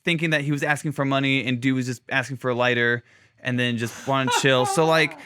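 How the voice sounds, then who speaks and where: A man's voice: medium pitch, brisk, a crowd in the background. A man on a podcast telling a story in a casual, profane way, acting out the people in it. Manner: animated, profane, acts out other people's voices. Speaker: podcast co-host.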